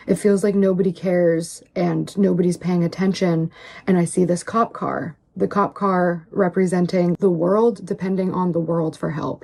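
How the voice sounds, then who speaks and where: A woman tells a long story in earnest, rambling along and leaning on "like" as she goes. Her voice sits on the low side, mellow and a bit husky, with a soft, unhurried warmth to the tone. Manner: rambling, heavy on "like". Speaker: online personality in a played clip.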